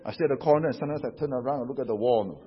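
A Singaporean pastor preaching a sermon, telling stories in an animated way and tagging his sentences with "huh?" and "you know". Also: medium pitch, very fast. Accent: Singaporean English. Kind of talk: sermon with anecdotes. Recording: dull echoey hall recording.

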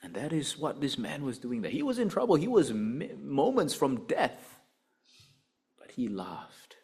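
Animated male preacher delivering a sermon. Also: moderate pace, husky. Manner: animated preaching, rising and dropping in pitch and volume; addresses listeners directly.

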